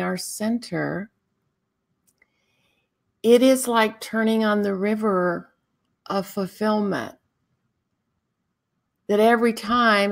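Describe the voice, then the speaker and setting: Woman, spiritual host, meditative guiding talk, unhurried, slightly raspy fry. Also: mid-range voice. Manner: calm, drawn-out, guiding delivery. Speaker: spiritual teacher and show host.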